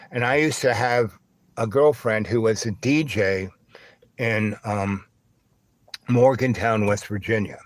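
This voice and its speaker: A man hosting a livestream spins a long, winding anecdote, piling up fillers and asides. His voice sits at a middling pitch, and the recording is dry and close. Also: dry recording. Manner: rambling storyteller, full of fillers and asides; acts out other voices with big high squeals. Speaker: livestream host. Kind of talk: rambling anecdote.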